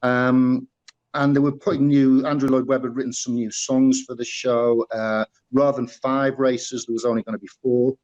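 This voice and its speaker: This interview guest, a middle-aged man with a Teesside accent who used to perform music, spins casual stories full of false starts and filler words. He speaks at normal speed with a flat, slightly mellow, medium-pitched delivery over dull audio.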